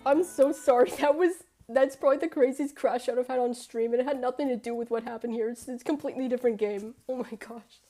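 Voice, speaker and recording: High-voiced excitable woman streamer ranting. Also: quick pace, faint music behind. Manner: excitable ranting, laughs and swears. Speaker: streamer reacting to a game. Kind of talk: live-stream reaction chat.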